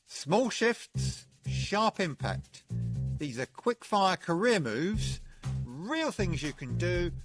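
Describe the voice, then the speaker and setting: A man's voice: sits high, big pitch swings, takes it slowly. Punchy man's voice-over over music. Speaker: segment voice-over. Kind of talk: scripted segment intro. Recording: voice over clear background music.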